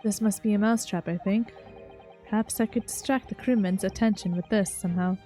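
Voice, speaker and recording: A woman's voice: medium pitch, fairly even intonation, brisk, dark tone, faint music behind, pitched below the performer's own voice, natural voice. A woman voicing an earnest young man who speaks with dry, polite sarcasm. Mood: wry.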